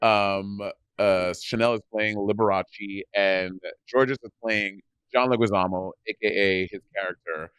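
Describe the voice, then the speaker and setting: A man's voice: fairly low pitch, steady tone, unhurried, few pauses, a bit bright, smooth, no room sound, studio quality. A man co-hosting a podcast in casual chat, rambling with many restarts and fillers. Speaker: podcast co-host.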